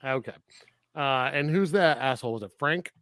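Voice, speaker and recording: A man's voice: mid-range voice, normal speed, dry recording. A man co-hosting a casual film review podcast, laughing often as he jokes. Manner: laughs often, animated and joking. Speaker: podcast co-host.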